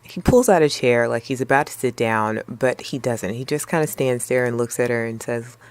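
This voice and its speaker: A woman hosting her own channel, recapping a film in a relaxed, chatty way with playful slang and jokey asides. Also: extremely low pitch, normal speed, dry recording. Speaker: movie review vlogger. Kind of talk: casual spoken movie review.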